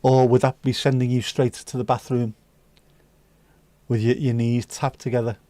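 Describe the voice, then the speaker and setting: Male stream host, mid-pitched, cheeky banter, dry close-mic sound. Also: flat delivery, moderate pace, mellow, no room sound. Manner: cheeky, banter-heavy, swears freely. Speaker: livestream host serving virtual drinks. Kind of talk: casual chat.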